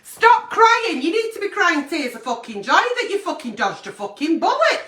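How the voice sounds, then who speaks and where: A woman's voice: sits high, big pitch swings, fairly quick, pushed and bright, distant mic. A woman hosting a late-night agony aunt show, blunt and brash and swearing constantly as she gives advice. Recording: echoey room, away from mic.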